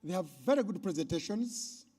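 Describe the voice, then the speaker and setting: A Ugandan man emcees a conference from the stage, his voice husky and mellow yet pitched a touch high. He calls out to the crowd in a loud, animated way. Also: fairly quick. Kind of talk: live stage hosting.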